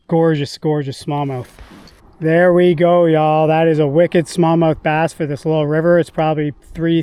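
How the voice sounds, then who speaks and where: A man narrating his own fishing trip from a kayak outdoors, chatting casually and bursting into excited exclamations. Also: fairly high pitch, clean tone, no echo. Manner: excitable, bursts of exclamations while landing fish. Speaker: fishing vlogger. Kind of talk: casual on-the-water commentary. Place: outdoors on a lake or river from a kayak.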